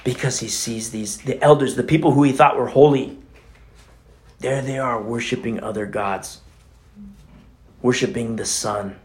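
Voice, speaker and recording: A man's voice: medium pitch, steady tone, a little slow, pauses often. A man preaching a casual, conversational sermon as pastor, often dropping in "you know" and acting out the voices in scripture.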